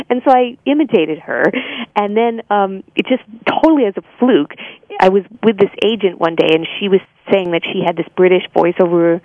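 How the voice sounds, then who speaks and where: An American woman chats as an interview guest, rambling easily through her stories with frequent laughter and fillers. Her voice sits at an average pitch. The recording sounds dull and lo-fi, with a dry, close sound. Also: normal speed, no echo. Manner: chatty, laughs often, many fillers. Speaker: guest, singer and voice-over artist. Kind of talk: casual interview chat.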